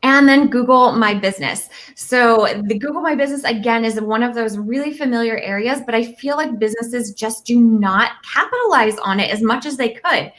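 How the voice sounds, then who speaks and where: A woman's voice: on the high side, normal speed, few pauses, fairly bright tone. A woman from Virginia giving a chatty, upbeat guest presentation and laughing often. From Virginia, United States. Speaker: guest speaker. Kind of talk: casual explanatory presentation.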